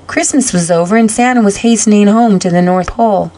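A woman reads a classic children's story aloud at a steady pace. Her voice sits in a middle register, and her reading is clear and expressive. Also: medium pitch, a little fast. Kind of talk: read-aloud storybook narration.

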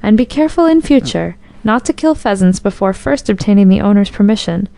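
A gracious emperor with a playful, indulgent way of teasing, voiced by a woman reading a storybook. The delivery is smooth and warm, close to the mic in a dry, quiet space. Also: mid-range voice, expressive, brisk, no room sound. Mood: kindly teasing. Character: kindly amused old-world male emperor.

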